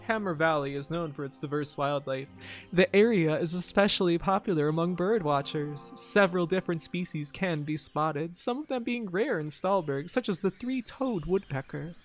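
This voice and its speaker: A man's voice: on the high side, normal speed, soft background music, natural voice. A man putting on a beaming tour guide lady. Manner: grinning, chirpy sign-reading. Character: cheerful woman tour guide, beaming and proper.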